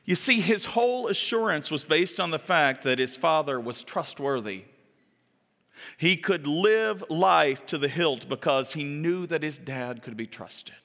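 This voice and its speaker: A man preaching a sermon as a pastor, telling stories with animated delivery and acting out the people in them. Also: fairly high pitch, measured pace, vocal fry, big-room sound. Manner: animated storytelling, acting out quoted voices. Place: church sanctuary.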